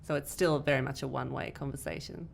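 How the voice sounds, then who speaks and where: A woman with a low-pitched voice co-hosting a casual conversation. She explains points patiently and thoughtfully, in the manner of an experienced teacher. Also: fairly even intonation, fast, gravelly. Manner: explanatory, thoughtful, with light laughs. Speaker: podcast co-host, English teacher. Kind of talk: casual discussion.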